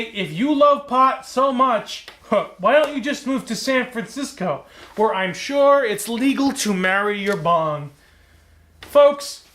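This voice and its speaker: High-voiced sardonic late-night host. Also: male voice, fairly bright tone. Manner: sardonic, self-mocking punchlines. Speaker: talk show host. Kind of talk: late-night comedy monologue. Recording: echoey room with band music.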